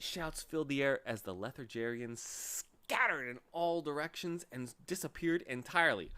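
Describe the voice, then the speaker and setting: A man reading a storybook aloud, animated and expressive with a lively rise and fall. His tone is bright and forward. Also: medium pitch, moderate pace, few pauses, clean tone. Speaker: reader.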